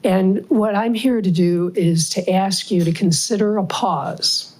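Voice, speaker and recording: A woman's voice: medium pitch, a little slow, dark tone. A woman who is losing her voice, giving an earnest, hesitant public comment at a city council meeting at a podium microphone. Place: council chamber.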